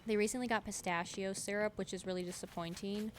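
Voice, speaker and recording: A woman's voice: medium pitch, fairly even intonation, quick pace, background noise. A young woman chatting casually on a gaming stream, giggly and reading chat aloud. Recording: game music clearly heard behind. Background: game music.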